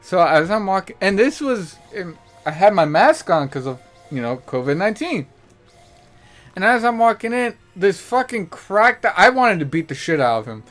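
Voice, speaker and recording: A man hosting a podcast, telling stories in a profane, animated way and acting out the people he quotes. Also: high voice, moderate pace, soft background music. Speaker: podcast host. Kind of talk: casual storytelling.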